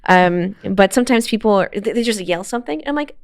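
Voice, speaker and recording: A woman's voice: mid-range voice, expressive, fast talker. A young woman talking casually as a podcast guest, chatty and laughing often. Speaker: guest, motorsport streamer. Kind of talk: casual interview chat.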